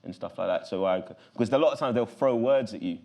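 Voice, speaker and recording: A low-voiced man with a London accent chats casually as an interview guest. His speech is gravelly and loose, full of restarts and fillers. He sounds like a relaxed man in his thirties. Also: quick pace. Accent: London English. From London, England. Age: 30s.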